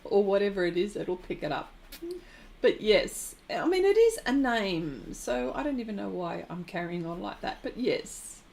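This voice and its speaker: Very animated and gravelly, this mid-range, darkish voice belongs to a middle-aged Kiwi-accented woman from New Zealand running an art livestream at a moderate pace. She reads out viewer comments, chatting casually and laughing often between remarks, with a little hiss or hum in the background.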